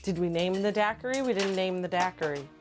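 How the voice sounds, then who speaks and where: Playful low-voiced woman co-host. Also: music in the background. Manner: playful, teasing and quick to laugh. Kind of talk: casual banter.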